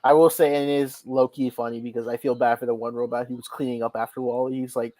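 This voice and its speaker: A man's voice: medium pitch, flat delivery, fast talker, warm tone, dry recording. A man in a casual movie chat, telling scenes animatedly and swearing freely. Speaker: podcast co-host.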